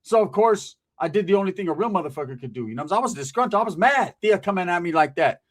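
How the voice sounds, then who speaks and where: A man tells a profane stand-up story at a rapid clip. His voice sits fairly high, and he jumps into animated voices for the people in it. The delivery is streetwise and loose. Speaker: comedian.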